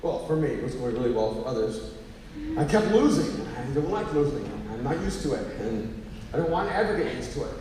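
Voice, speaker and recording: A man's voice: medium pitch, brisk, slight background noise. Man preaching in an echoey hall. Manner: animated storytelling, rising to emphatic exhortation. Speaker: pastor. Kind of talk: sermon. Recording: echoey hall, mic at a distance, faint ambience.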